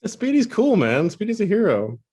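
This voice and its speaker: A man's voice: high voice, huge pitch swings, normal speed, warm tone, slightly rough. A man hosting an interview, asking questions in an enthusiastic, chatty way. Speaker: interviewer host. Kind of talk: casual interview chat.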